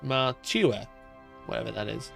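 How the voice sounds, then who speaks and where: A man's voice: medium pitch, a little slow, creaky, a bit bright, soft background music. A man streaming live as he works through a word puzzle. He talks to himself and to his chat, laughs often, mocks himself and swears.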